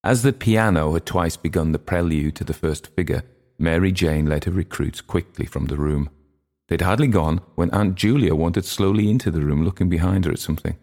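Deep, gravelly male narrator. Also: brisk, darkish tone. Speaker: audiobook narrator. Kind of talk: literary narration.

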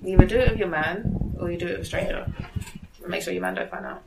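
Very lively woman, noisy room. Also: lowish voice, fast. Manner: blunt, teasing advice. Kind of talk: casual group chat.

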